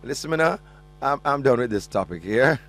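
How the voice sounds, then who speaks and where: A man with a Jamaican accent hosts a call-in radio show, chatting and joking as he reads listener messages and slips between patois and English. His medium-pitched voice is animated, fairly quick, and a bit bright, with faint music behind him.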